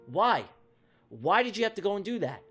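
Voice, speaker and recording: A man's voice: sits high, very animated, moderate pace, a bit bright, husky. A man hosting a live trading stream, venting and swearing as he talks his chat through a trade that went wrong. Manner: exasperated, venting, profane. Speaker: livestream trading host.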